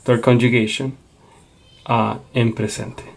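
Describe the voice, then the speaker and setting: In a classroom lecture, a man teaches Spanish with a medium-pitched, flat, creaky voice at an unhurried pace. He explains patiently and checks in often with an "okay?".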